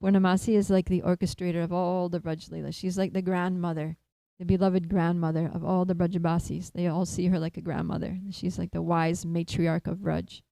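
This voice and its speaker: Mellow-voiced woman telling a devotional story. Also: lowish voice, fairly quick, creaky, few pauses, no room sound, rough recording. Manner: animated, laughs often, many fillers. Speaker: speaker at a temple feast.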